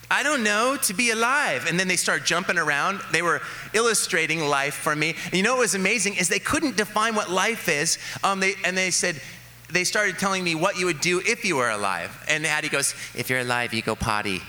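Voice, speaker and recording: A male pastor preaching a sermon, telling stories about his kids with lively excitement and then settling into soft, earnest reflection. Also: a little high, a little fast. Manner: animated storytelling, quoting his kids with rising excitement.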